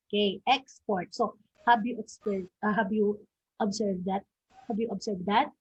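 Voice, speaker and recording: A woman's voice: medium pitch, darkish tone, husky. Filipino woman teacher, "okay"-heavy lecture. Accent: Filipino English. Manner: says "okay" constantly, repeats and restarts phrases. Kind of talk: classroom lecture. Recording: dull lo-fi recording.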